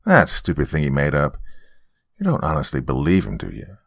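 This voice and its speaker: A man's voice: rumbling low, wildly swooping pitch, brisk, gravelly, no echo, clean studio sound, heavily acted. A man voicing a dismissive middle-aged father who scoffs and stammers defensively. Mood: scoffing.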